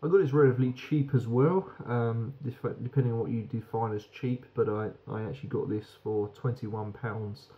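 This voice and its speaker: A man's voice: mid-range voice, fairly even intonation, moderate pace, hardly any pauses, dull audio. A British man giving a frank, rambling beer review that swears casually.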